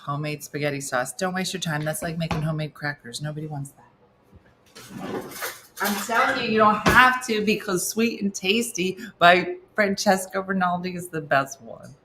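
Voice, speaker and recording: A woman's voice: fairly low pitch, normal speed, noisy background. A middle-aged woman comedian hosting a casual morning cooking show, chatting wryly while she cooks and answering viewers' comments aloud. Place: home kitchen.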